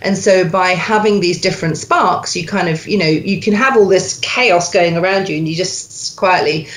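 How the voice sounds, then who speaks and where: A woman's voice: lowish voice, normal speed, a bit bright. A woman working as a dialect coach, animatedly demonstrating sounds and accents to an actor. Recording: echoey room.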